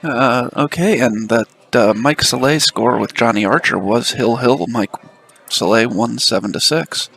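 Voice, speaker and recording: A man with a gravelly, fry-edged voice commentates a pool match on a headset mic held close to his mouth. He explains the play steadily and patiently, often pausing on fillers. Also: mid-range voice, fairly bright tone. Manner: measured, explanatory, reads the chat.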